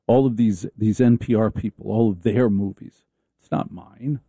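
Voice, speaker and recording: A male talk-radio host on a comic rant, sarcastic and rambling, stumbling and restarting as he riffs. His tone is deep and mellow. The studio sound is dry and close. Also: normal speed, dry recording.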